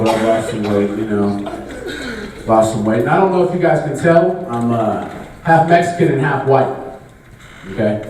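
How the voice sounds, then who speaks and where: Here a man from the Bay Area, medium-pitched and a touch mellow, works the crowd conversationally in a live stand-up set. He's picked up far from the microphone, so the big venue's heavy echo and faint noise come through.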